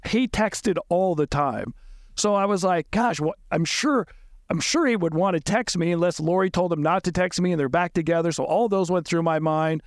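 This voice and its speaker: A middle-aged man with a high voice tells a painful story in a halting way, restarting and repeating words. His voice climbs further when he gets upset. The recording is dry and close. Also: no room sound. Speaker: podcast guest recounting events. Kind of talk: emotional personal recollection.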